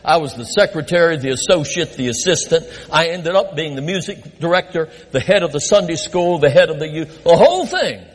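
Lively older man preaching in a church. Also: a little high, a little fast, hardly any pauses. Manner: animated, self-mocking storyteller. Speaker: pastor. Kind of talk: sermon with personal stories. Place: church sanctuary. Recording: long reverb of a church hall.

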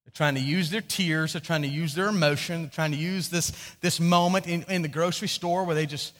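A man's voice: a little high, steady tone, a little fast, a bit bright. A man preaching a sermon as pastor, storytelling with animation, acting out quotes and often restarting his sentences. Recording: long hall reverb.

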